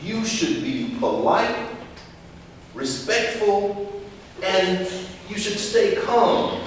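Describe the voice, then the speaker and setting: Male speaker, a little high-voiced, emphatic call-and-response delivery, heard from far off in a roomy hall. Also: lively intonation, very slow, long pauses. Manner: emphatic, repeats key phrases, leads call-and-response. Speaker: speaker teaching young people. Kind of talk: motivational talk to students. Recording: echoey hall from far off, faint hiss.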